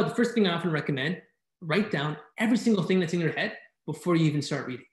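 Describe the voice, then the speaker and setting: Eager man presenting over a video call, lifted voice, keeps asking "right?" to the audience, roomy echo on the sound. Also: a little high. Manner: enthusiastic, fast-talking, keeps asking "right?". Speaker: conference speaker teaching speed reading. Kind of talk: energetic online presentation.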